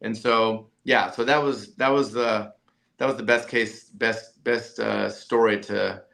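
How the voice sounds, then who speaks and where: A man who is a company CEO and coach, telling an animated story in a podcast interview, full of restarts and "right?" tags. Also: lowish voice, a little slow, vocal fry.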